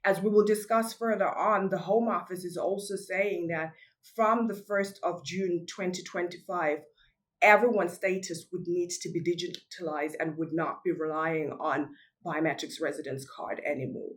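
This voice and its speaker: A woman's voice: on the low side, steady tone, normal speed. A woman who works as an immigration law specialist, giving an earnest webinar presentation and often repeating words as she searches for the next one. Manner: earnest, repeats words while finding them.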